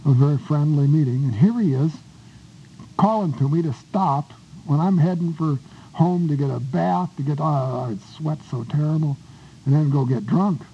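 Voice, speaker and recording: A man's voice: on the high side, normal speed. An older man, a war veteran, tells a rambling, folksy story in oral-history style, stumbling over restarts and acting out the voices of people in it. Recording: dull lo-fi recording with faint hiss.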